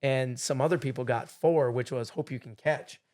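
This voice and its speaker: A middle-aged man telling a story as a podcast guest, animated, acting out what people said. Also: mid-range voice, normal speed. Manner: animated storyteller, acts out quotes loudly. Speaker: game show contestant guest.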